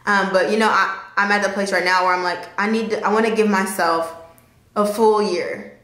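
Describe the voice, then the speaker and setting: A young woman speaks candidly to her camera in a vlog, chatty and openly emotional. Her voice sits at a middle pitch and carries the echo of a bare room. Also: fairly even intonation, fast, pushed and bright. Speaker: vlogger. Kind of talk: casual talk to camera.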